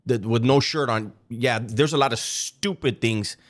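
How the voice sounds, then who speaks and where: A man's voice: mid-range voice, unhurried. A man giving reaction commentary on a played clip, sarcastic and mocking, with a casual storytelling manner.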